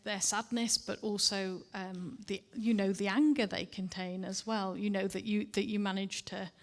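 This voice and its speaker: A woman host responds to a poetry reading in a mid-pitched voice. She speaks thoughtfully and hesitantly, with frequent fillers. A long reverb from the event hall hangs around her words. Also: fairly even intonation, normal speed. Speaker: session host. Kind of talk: thanking and responding to a reader.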